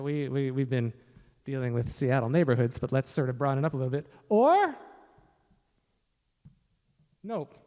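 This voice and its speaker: A man from Washington state hosting a live stage quiz, upbeat and chatty with joking asides, on a stage microphone. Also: fairly high pitch. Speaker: quiz host. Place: large event hall. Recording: reverberant hall sound.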